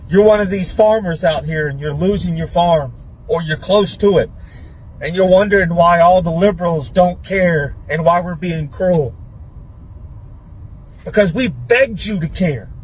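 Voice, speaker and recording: A man's voice: sits high, a little slow, a little hiss or hum, poor audio. A man ranting in a scornful, dismissive tone. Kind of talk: social media rant.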